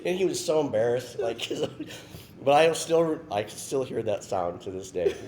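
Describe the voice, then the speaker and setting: A man's voice: medium pitch, wildly swooping pitch, unhurried, a crowd in the background. A man guest on a casual podcast, telling a story and often checking in with "right?" and breaking into laughter.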